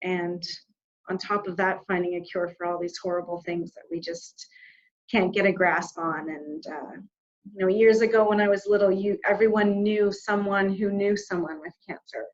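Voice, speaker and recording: A woman from Canada, an interview guest, telling a personal story in a heartfelt, reflective way, pausing and restarting as she goes. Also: mid-range voice, lo-fi sound.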